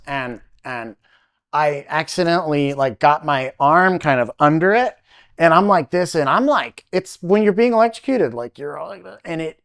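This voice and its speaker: A man's voice: mid-range voice, clear, resonant tone. Man telling a vivid personal testimony. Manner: animated, halting, heavy use of "like" fillers. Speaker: podcast guest.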